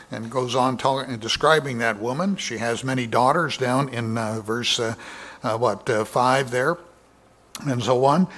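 Man preaching a measured Bible sermon. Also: mid-range voice, a bit bright. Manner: measured, many fillers, reads scripture aloud, rises for emphasis. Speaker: pastor.

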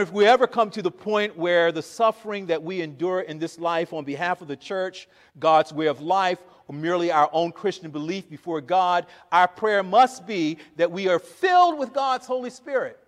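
A man with a high, bright voice preaching a sermon, reading scripture and acting out its lines with animated asides and laughs. Long reverb from the hall trails each phrase.

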